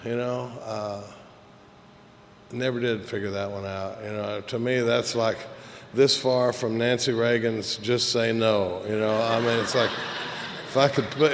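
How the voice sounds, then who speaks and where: A man's voice: mid-range voice, moderate pace. Man, middle-aged, candid and profane, rambling, echoey hall, faint hiss. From Texas. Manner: candid, joking, profane, rambling with many fillers. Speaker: AA speaker. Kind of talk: recovery meeting talk. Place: meeting hall.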